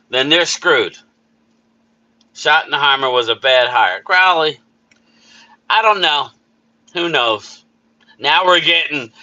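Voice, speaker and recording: Bright slow-talking streamer man. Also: on the high side, lo-fi sound. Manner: upbeat, greets viewers by name, repeats himself. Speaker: livestream host. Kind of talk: casual live chat reading viewer names.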